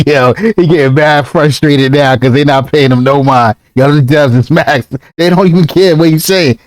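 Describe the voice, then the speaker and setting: Man, high pitch, laughs a lot, slangy, mocking commentary. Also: normal speed. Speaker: crypto commentary host. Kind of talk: casual reaction commentary.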